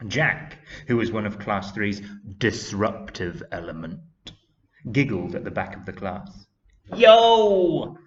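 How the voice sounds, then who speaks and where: A man reading a children's story aloud to young pupils, slow and expressive, on a dull lo-fi recording. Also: lowish voice, a little hiss or hum. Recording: dull lo-fi sound.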